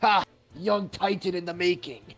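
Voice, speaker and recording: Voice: medium pitch, normal speed, no echo, natural voice. A player impersonating a heroic robot knight from a video game, proclaiming grandly in a mock Russian accent, faint game music behind. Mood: boastful.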